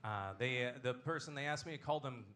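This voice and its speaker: Hosting a comedy show, this man does stand-up on a club stage in a dry, self-mocking style. He speaks at a medium pitch and a little quickly, and there's a faint hiss or hum on the recording.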